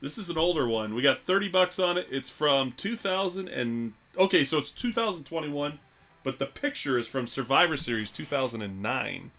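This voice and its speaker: A man's voice: fairly high pitch, animated, normal speed, bright, forceful tone. A man hosting a live sports card auction stream, joking loosely between calls of prices. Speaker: live card break host.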